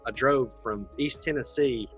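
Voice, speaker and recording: Relaxed man hosting a podcast. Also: mid-range voice, normal speed, soft background music. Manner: asks open questions, relaxed, frequent "you know". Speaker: podcast host. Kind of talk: casual podcast interview.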